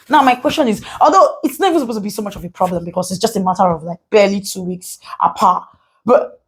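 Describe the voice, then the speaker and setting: A Nigerian woman, a lawyer, giving a casual commentary vlog to her followers, animated and full of rhetorical questions, repeating phrases for emphasis. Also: mid-range voice, breathy edge.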